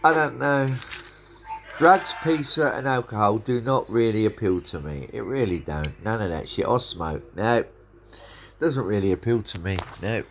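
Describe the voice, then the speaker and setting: A man's voice: on the low side, lively intonation, normal speed. A middle-aged man angrily ranting to his son, swearing and repeating himself. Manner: angry, sweary, repetitive ranting. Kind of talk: casual rant. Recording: noisy background.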